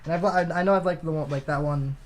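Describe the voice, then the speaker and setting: Young male co-host, high-pitched, rapid, jokey banter, casual swearing. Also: steady tone, slight background noise. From Florida. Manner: fast, joking, swears a lot. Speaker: podcast co-host. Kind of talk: casual chat.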